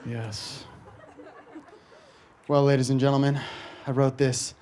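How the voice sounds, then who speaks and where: A man hosting a live comedy show, telling deadpan, brash jokes and introducing the next act. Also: mid-range voice, slow, background noise. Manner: deadpan, brash, mock-boastful. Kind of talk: stand-up set and comedian introduction. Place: comedy venue with live audience.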